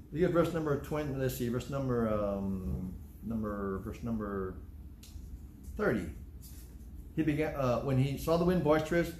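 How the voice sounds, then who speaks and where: A man's voice: medium pitch, darkish tone, slight background noise. A male pastor preaching a sermon, repeating phrases for emphasis and acting out quoted voices. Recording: echoey room, faint ambience.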